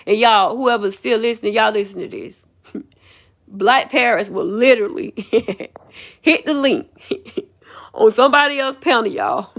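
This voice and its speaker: A woman's voice: mid-range voice, a bit bright. A woman livestreaming a heated, profane rant, laughing scornfully as she talks.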